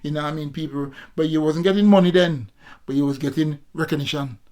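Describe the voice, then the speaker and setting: This former amateur boxer, a Jamaican man of about sixty, speaks quickly in a warm, highish voice. His casual vlog is a preachy, repetitive monologue in which he keeps calling out to his audience as people.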